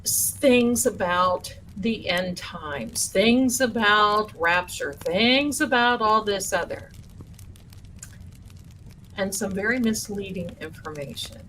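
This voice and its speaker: A folksy woman hosts a live stream from home and chats with viewers she calls her darlings. She speaks at an unhurried, drawn-out pace, and faint room ambience sits behind her voice. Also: mid-range voice, animated, pushed and bright, slight background noise, poor audio. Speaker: livestream host and spiritual teacher.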